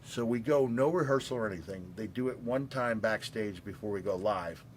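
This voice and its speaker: A man's voice: lowish voice, moderate pace, a little hiss or hum. A middle-aged man telling rambling anecdotes as a guest at an auction, with frequent fillers and restarts. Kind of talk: casual storytelling.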